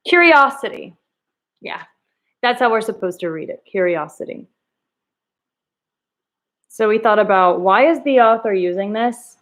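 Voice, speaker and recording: A woman's voice: mid-range voice, normal speed, pauses often. A woman teacher leading a reading lesson, thinking aloud and coaxing students with questions. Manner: thinks aloud, rereads lines in different tones.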